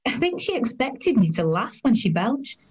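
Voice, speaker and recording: A woman's voice: a little high, sing-song, normal speed, husky, heavily acted. A woman in her thirties narrating in the first person as a weary, self-conscious woman, with a dry, sardonic tone. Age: 30s.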